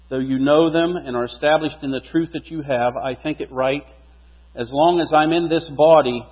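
Husky-voiced man preaching in a hall. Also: medium pitch. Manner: animated, voice rising and falling with emphasis. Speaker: pastor. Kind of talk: sermon. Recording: dull, reverberant hall recording.

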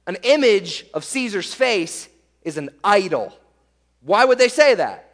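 Pastor guy preaching verse by verse, high voice, keeps tossing in "right?", big echoey hall. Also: very animated, a little slow, fairly bright tone. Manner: emphatic, rhetorical "right?" asides. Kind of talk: expository sermon.

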